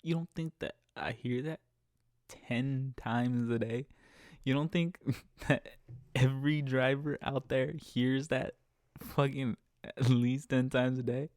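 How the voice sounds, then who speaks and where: A man's voice: slow, no echo, clean studio sound. A man hosting a podcast, talking about his work as a rideshare driver in a casual, profane, exasperated rant that he laughs through. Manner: animated, jumps into higher pitch when mocking. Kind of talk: casual ranting monologue.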